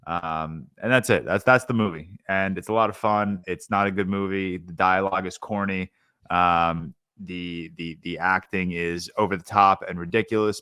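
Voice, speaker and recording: A man's voice: deep voice, bright, forceful tone, clean tone, dry recording, clean studio sound. A young man co-hosting a podcast, chatting casually about a film with lots of fillers and restarts. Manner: rambling with many fillers and restarts. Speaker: podcast co-host, film reviewer. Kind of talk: casual movie review chat.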